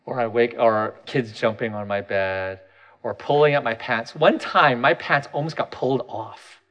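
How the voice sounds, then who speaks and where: A man's voice: mid-range voice, normal speed, fairly bright tone. Candid man musing with many restarts. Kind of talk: personal reflective talk.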